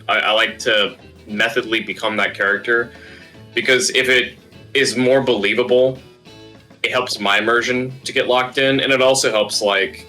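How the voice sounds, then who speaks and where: A man running a tabletop game, talking in a rambling, easygoing way full of filler words. His voice sits a little low but has a bright, forceful edge. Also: poor audio. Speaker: game master. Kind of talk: casual table talk.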